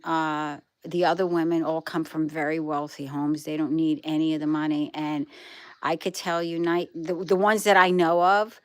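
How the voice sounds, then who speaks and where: A woman's voice: deep voice, no echo. A middle-aged woman from Brooklyn hosting a live stream, chatting casually with viewers in a rambling, storytelling way. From Brooklyn, New York. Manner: chatty, rambling storyteller who trails off and restarts. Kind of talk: casual chat answering viewer comments.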